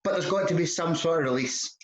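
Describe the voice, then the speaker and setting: A man speaking as a guest in a casual conversation, explaining things in a thoughtful, measured way. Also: a little high. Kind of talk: casual chat. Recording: echoey, dull remote audio.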